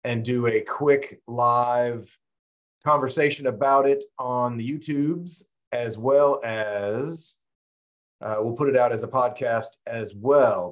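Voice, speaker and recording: A man co-hosting a podcast, talking in a loose, relaxed, rambling way. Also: mid-range voice. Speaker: podcast co-host. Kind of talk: casual chat.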